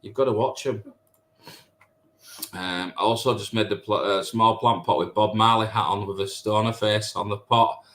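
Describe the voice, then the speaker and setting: The speaker is a live stream host in his thirties, casually talking with viewers and teasing them as he reads their messages. He keeps a steady tone at a moderate pace, his lowish voice fairly bright.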